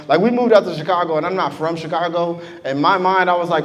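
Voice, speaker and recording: A man's voice: high voice, fast, hardly any pauses, long reverb tail. A young adult man doing a stand-up comedy set, chatting and teasing the crowd from a club stage. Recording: live club recording with audible crowd noise.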